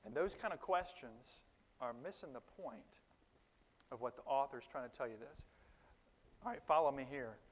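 A man preaching a sermon in a conversational, animated way, with sudden loud emphases and quiet asides to the congregation. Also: medium pitch, normal speed, pauses often. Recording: long reverb of a large hall.

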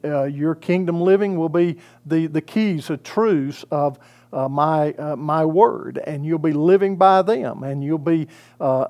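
A man's voice: fairly high pitch, darkish tone. A man preaching a sermon as pastor, in a conversational way with many fillers and restarts.

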